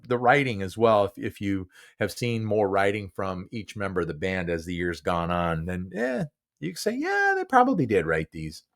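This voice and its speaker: Man in his 60s, podcast host, low voice, lively intonation, rambling, chuckles a lot. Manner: rambling, chuckling often, frequent restarts. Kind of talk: casual solo podcast monologue.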